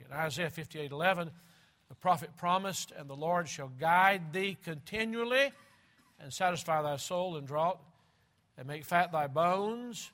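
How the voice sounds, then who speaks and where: Male preacher, sermon delivery; fairly high, bright and forceful tone, slow deliberate emphasis and repeated phrases. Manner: swings between loud and hushed.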